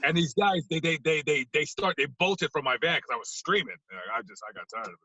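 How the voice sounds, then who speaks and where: A man telling a story as a podcast guest, acting out voices and swinging from loud outbursts to low mumbles. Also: expressive, quick pace, no room sound, lo-fi sound. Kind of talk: animated storytelling. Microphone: podcast mic.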